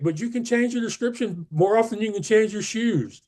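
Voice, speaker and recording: A man's voice: high-pitched, animated, a little fast, dark tone. Emphatic man talking. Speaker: podcast guest. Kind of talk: casual interview talk.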